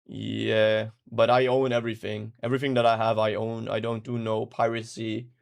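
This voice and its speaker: A man who works as a music producer and mix engineer, answering viewer questions in a casual, profane, laid-back way that turns animated when he tells stories. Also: lowish voice, moderate pace, gravelly. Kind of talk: casual livestream Q&A.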